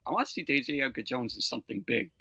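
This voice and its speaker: A man watching a movie along with a friend, talking casually in halting bits with frequent fillers. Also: mid-range voice, lively intonation, sharp tone, husky, no room sound, muffled recording.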